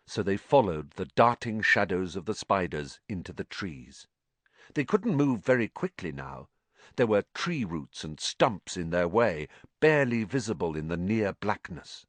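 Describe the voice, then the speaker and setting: A man narrating a story in an expressive, dramatic reading voice. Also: sits low, unhurried, no room sound. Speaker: audiobook narrator.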